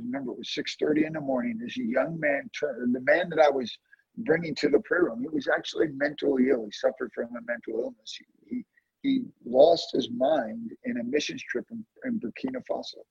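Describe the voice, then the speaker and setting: A man earnestly telling an emotional story of prayer in a conversation, with lively swings in his voice. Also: fairly quick, creaky, breathy edge, no echo, lo-fi sound. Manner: earnest, emotional testimony with animated swings in pitch. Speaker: guest, prayer ministry leader.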